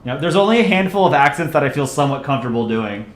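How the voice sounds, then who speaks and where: A man's voice: mid-range voice, lively intonation, rapid-fire. A man hosting a livestream, casually chatting and joking through viewer messages in a rambling, self-deprecating way. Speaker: livestream host and channel voice actor. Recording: roomy echo, faint ambience.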